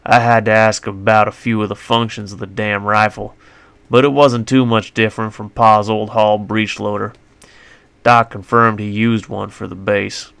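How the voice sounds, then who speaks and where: A man's voice: on the low side, flat delivery, normal speed, gravelly, a bit bright, smooth, no room sound. A man narrating his own western story in a folksy, colloquial first-person voice on a close mic.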